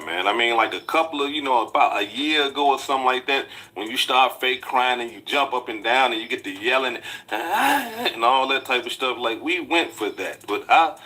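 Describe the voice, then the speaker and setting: A man giving casual commentary, mocking and lecturing in a drawn-out way. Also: medium pitch, animated, pushed and bright.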